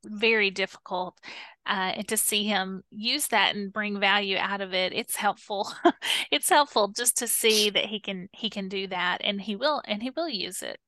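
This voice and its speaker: Woman, bright forceful tone, dry close sound, reflective co-host posing guiding questions. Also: medium pitch, moderate pace, no room sound. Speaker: Bible study co-host. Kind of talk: conversational Bible study discussion.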